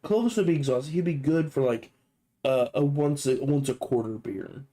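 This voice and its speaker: A man's voice: medium pitch, moderate pace, dark tone. A young man hosting a gaming video, riffing in a rambling, profane, joking way. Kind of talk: casual comedic commentary.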